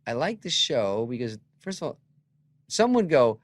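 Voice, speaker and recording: An older man spinning stories in a casual chat. His pitch jumps all over as he acts out other people's lines. He swings from near mutters to loud bursts. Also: normal speed, no echo. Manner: animated, acts out voices in anecdotes, swings loud and soft. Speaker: talk show guest telling stories.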